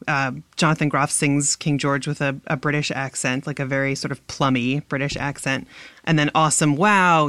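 A woman's voice: low voice, fairly bright tone, dry recording, clean studio sound. A woman in a casual podcast discussion, explaining accent details with analytical enthusiasm.

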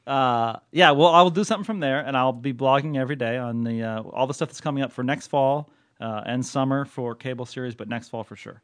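A man's voice: mid-range voice, fairly quick, fairly bright tone. A man co-hosting a podcast in casual chat, rambling and jokey, laughing often. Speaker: podcast co-host.

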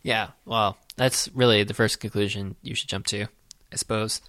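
A man co-hosting a podcast, chatting casually about a film with dry sarcasm and many halting fillers. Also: fairly low pitch, steady tone, a bit bright, dry recording. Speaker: podcast co-host.

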